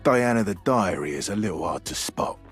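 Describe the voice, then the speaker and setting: Game role: male actor as a flirty courteous door, deep voice, animated, faint music. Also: brisk, lightly acted. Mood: suave. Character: flirty talking male door, polite and playful. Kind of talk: video game voice acting.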